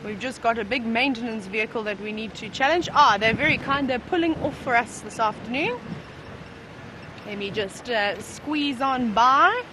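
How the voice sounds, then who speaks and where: A woman guiding a live safari drive from a vehicle, bubbly and excited. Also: on the high side, moderate pace, a little hiss or hum. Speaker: safari guide and presenter. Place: open safari vehicle outdoors.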